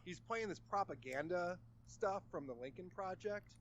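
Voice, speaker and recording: A sarcastic, mocking man in casual podcast chat, his voice high for a man and swinging widely in pitch. The audio is slightly dull, with faint background noise. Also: lively intonation, normal speed, fairly bright tone. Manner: sarcastic, mocking, laughs often. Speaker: podcast guest.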